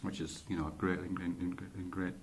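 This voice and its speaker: Speaking at normal speed in a level tone, this male podcaster has a low voice, and a slight hiss or hum runs under the audio. He rambles through a casual monologue, frequently correcting himself and swearing offhandedly.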